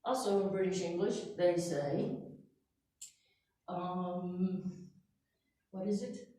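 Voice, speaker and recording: An American woman teaching an English lesson, speaking slowly and deliberately and checking in with her listeners. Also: fairly low pitch, fairly even intonation, mellow. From United States. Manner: slow, deliberate, checks in with "Yes?" and "Okay?". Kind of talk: slow classroom lesson. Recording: echoey room, voice far from the mic.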